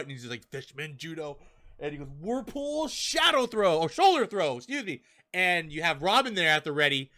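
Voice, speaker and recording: Bright-voiced excitable young man. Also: a little high. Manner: chatty and excitable, acts out characters' lines. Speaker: podcast host reviewing manga chapters. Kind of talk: casual chat.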